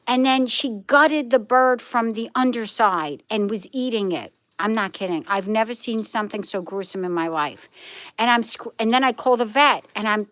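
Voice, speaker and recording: This livestream host, a middle-aged woman from Brooklyn, New York, has a slightly high, somewhat bright voice and a Brooklyn accent. Chatting casually with viewers, she's emphatic and repetitive.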